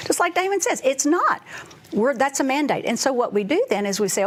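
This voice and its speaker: A woman's voice: high-pitched, moderate pace. A middle-aged woman, a financial advisor, chatting casually and acting out conversations with clients. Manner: animated storyteller, acts out client dialogue. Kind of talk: casual chat.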